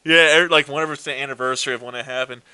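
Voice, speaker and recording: A man co-hosting a casual movie chat, retelling plots with lively acted quotes and swearing. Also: mid-range voice, very fast, clean tone, no room sound. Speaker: co-host.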